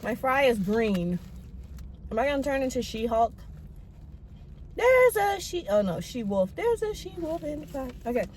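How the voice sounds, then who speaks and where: Young female vlogger, rambling and self-deprecating, voice a touch high, mouth full, soft hiss behind. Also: sing-song, moderate pace, pauses often. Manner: chatty, self-mocking, talks with mouth full. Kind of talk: casual rambling vlog while eating.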